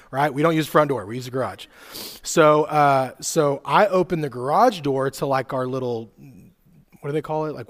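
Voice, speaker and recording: A man in his thirties preaching a sermon to a live church audience, telling personal stories casually with lots of "like" and "right?", dropping soft and quiet then rising loud and excited. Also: medium pitch. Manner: conversational storytelling, fillers like "like" and "right?". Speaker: youth pastor.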